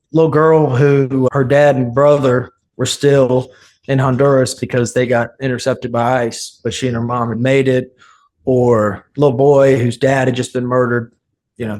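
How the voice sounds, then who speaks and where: A man's voice: mid-range voice, darkish tone. A man guest on a podcast, a divinity student, telling stories in an earnest way and acting out what people said. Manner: earnest, acts out quoted speech. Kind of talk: casual storytelling interview.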